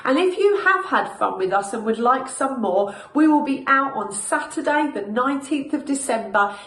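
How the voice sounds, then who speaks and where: High-voiced woman in an echoey room. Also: lively intonation, moderate pace. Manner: bright, upbeat, addressing kids directly. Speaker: children's ministry host. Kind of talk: cheerful closing announcements to children.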